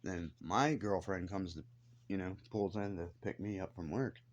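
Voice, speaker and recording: A man's voice: low voice, moderate pace, highs cut off, a little hiss or hum. A man ranting to the camera in a blunt, defiant way, swearing heavily as he tells his grievances. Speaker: vlogger. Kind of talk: angry profane rant to camera.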